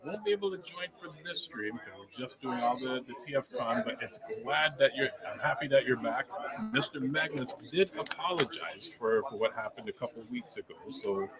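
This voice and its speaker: Male stream host, relaxed, reading chat, mid pitch, loud convention crowd behind. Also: normal speed, poor audio. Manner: relaxed, reads chat comments aloud. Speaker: livestream host. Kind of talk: casual live stream chat. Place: convention lounge.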